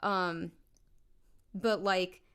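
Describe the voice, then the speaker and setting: A woman's voice: on the low side, fairly even intonation, very slow, fairly bright tone, smooth. A woman singer talking casually between vocal takes in her home studio, thinking aloud on a studio condenser mic with a phlegmy morning voice. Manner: chatty, thinks aloud, filler-heavy.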